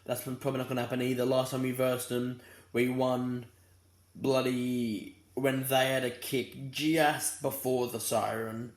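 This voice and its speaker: A young Australian man talks through a footy fan preview in a rambling, fired-up way, stumbling over his words. He sounds tired, with yawns between lines. His delivery stays flat and level, and the room echoes around him. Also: mid-range voice, unhurried. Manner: rambling and fired up, many restarts. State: tired and yawning. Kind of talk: casual fan preview monologue.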